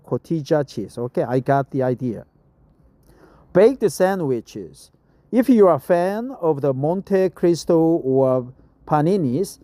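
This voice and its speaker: A middle-aged native Korean speaker reads English text aloud for practice in a Korean accent, repeating phrases and correcting his pronunciation. His voice is fairly high and mellow, with no room sound.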